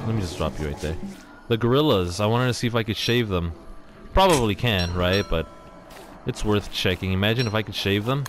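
A man with a lowish voice chats his way through a video game, rambling and letting out quick exclamations. He sounds a little winded. Game music plays clearly under his voice. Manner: chatty, rambling, exclaims often. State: slightly out of breath. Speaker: gameplay commentator. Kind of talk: casual let's-play commentary.

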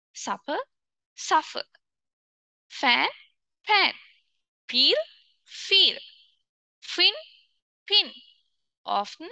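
A woman's voice: high-pitched, pushed and bright, no room sound. A woman from Sri Lanka with a Sri Lankan English accent, teaching an online English lesson and repeating word pairs aloud for pupils to practise. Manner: slow, repetitive teacher talk, drilling word pairs aloud.

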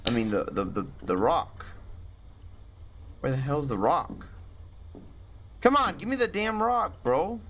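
A scared man narrates his horror gameplay, swearing and muttering to himself. His slow, drawn-out delivery swings widely in pitch, from low mutters to high yelps. A steady hiss of noise sits under his voice. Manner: jumpy, swearing, talks to himself while playing. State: scared and tense. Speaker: gaming YouTuber.

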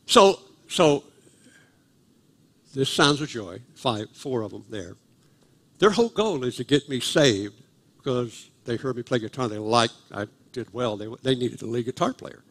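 A man's voice: medium pitch, lively intonation, a little slow, a bit bright. An older man, preaching a sermon at a live church service and telling a humorous, self-deprecating story about his past. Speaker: guest preacher.

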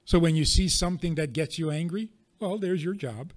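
A man speaking as a rabbi, his voice sitting a little higher than most men's. He teaches an audience, prodding them with rhetorical questions. He makes his points through wry, everyday examples. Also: fairly quick.

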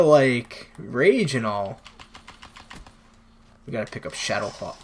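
A man's voice: mid-range voice, lively intonation, takes it slowly, pauses often. A man commentating his own gameplay for viewers on a new microphone, frustrated and exclaiming as he plays. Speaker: gaming channel host. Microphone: new desktop microphone.

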